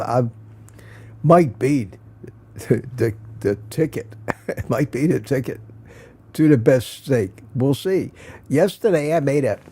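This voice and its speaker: Here a man with a medium-pitched, mellow voice runs a laid-back live morning stream, chuckling a lot as he rambles through stories and replies to viewers' comments.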